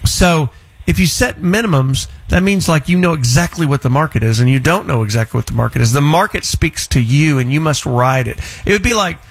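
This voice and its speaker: A man's voice: on the high side, fairly quick, slightly rough, no room sound. A middle-aged man hosting a casual interview, blunt and teasing, often restarting his sentences. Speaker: host.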